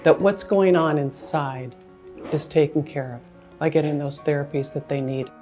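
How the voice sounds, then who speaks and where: A woman's voice: deep voice, steady tone, moderate pace, a little mellow, soft background music. A woman on a charity's staff sincerely describing its homes and hotline. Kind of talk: interview testimony.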